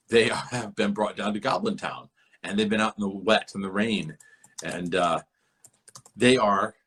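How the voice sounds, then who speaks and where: This podcast host's voice sits low, with a fairly bright tone and a breathy edge. Connected by remote call, he holds forth on a book in a rambling literary discussion, lecturing and repeating himself as he works through his thoughts.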